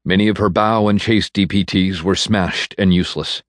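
A man narrating an audiobook in a measured, even storytelling manner, recorded in a studio. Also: deep voice, dry recording. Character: bitter man navigator. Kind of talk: scripted narration. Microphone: studio microphone.

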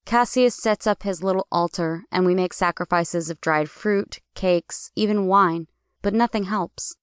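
A woman narrating a first-person audiobook in a clear, measured storytelling manner. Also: fairly low pitch, no echo, studio quality.

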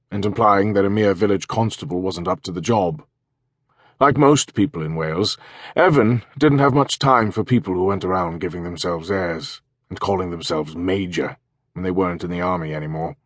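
A man narrating an audiobook in a measured, even reading. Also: fairly low pitch, no room sound, studio quality. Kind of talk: scripted narration.

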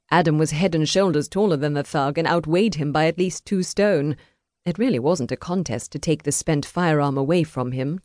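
A woman narrating a historical romance audiobook in a measured, even storytelling voice. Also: low voice, dry recording, studio quality.

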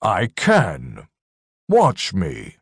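An audiobook narrator voicing a small, frightened male alien who talks in a high, pleading voice. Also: huge pitch swings, drawn-out words, gravelly, husky, no room sound, studio quality, exaggerated voice. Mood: curious.

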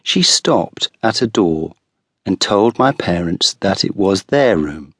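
A man narrating a first-person story for an audiobook with clear, deliberate delivery. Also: low-pitched, animated, fairly bright tone, no echo, clean studio sound. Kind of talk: scripted first-person narration of a graded reader.

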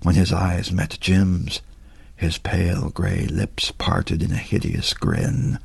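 A man, the author, narrating his own suspense audiobook with dramatic, expressive delivery. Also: deep voice, takes it slowly, gravelly, slightly rough, no room sound. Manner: expressive, voices characters.

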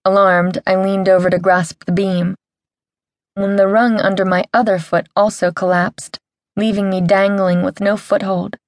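A woman's voice: mid-range voice, moderate pace, no echo, studio quality. A woman narrating a first-person audiobook in a wry, comic storytelling manner. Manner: wry, comic storytelling with lively character voices.

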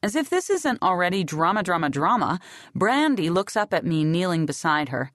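A woman narrating a novel in the first person in a sardonic, deadpan way. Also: fairly low pitch, moderate pace, no room sound, studio quality. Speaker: audiobook narrator.

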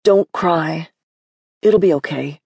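A cocky twelve-year-old boy playing the prosecutor, sneering and theatrical, voiced by a woman in her lowish reading voice. The recording is close and dry. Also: slow pace, darkish tone, husky, no room sound, exaggerated voice. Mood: hurt.

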